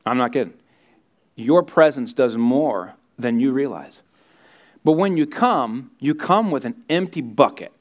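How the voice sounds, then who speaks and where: A man's voice: medium pitch, animated, measured pace. Earnest male pastor preaching. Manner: earnest preaching, drops to hushed tones for prayer and rises for emphasis. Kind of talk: sermon.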